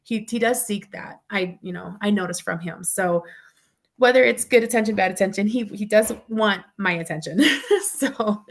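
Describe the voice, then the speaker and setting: Woman, childcare teacher, chatty and laughing, middle pitch, acts out kids' lines. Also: moderate pace. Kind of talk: casual conversation.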